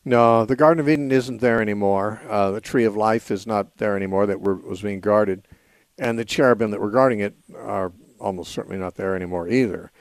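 A man hosting a call-in radio show, explaining scripture in a measured, patient way with frequent "uh" pauses. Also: on the low side, no room sound. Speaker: radio call-in host and Bible teacher. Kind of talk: unscripted call-in radio teaching. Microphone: studio microphone.

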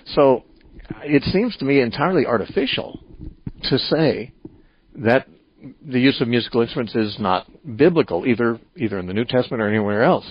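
A man hosting a call-in radio show, giving measured, reasoned answers to a caller's question about the Bible. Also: mid-range voice, animated, highs cut off.

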